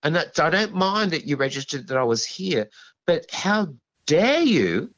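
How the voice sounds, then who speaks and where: A man voicing an unseen hulking male yowie that scolds him slowly and reproachfully. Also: fairly high pitch, sing-song, a bit bright, highs cut off. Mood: scolding.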